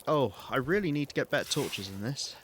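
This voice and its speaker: A man's voice: medium pitch, expressive, brisk, fairly bright tone, a little hiss or hum. A British man streaming a survival game, rambling and thinking aloud as he plays, with many ums and restarts. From Britain. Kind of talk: live gameplay commentary.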